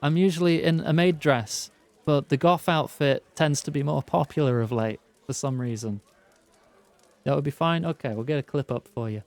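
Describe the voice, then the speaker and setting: A man's voice: fairly high pitch, normal speed, creaky. A man streaming a game, chatting and laughing with viewers and reading ability text aloud. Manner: bursts of excited greetings to chat. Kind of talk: casual game commentary.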